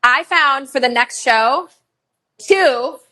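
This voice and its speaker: A middle-aged woman hosting a live online shopping show, chatting in a bubbly, gushing way and running quick countdowns between items. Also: high voice, sharp tone.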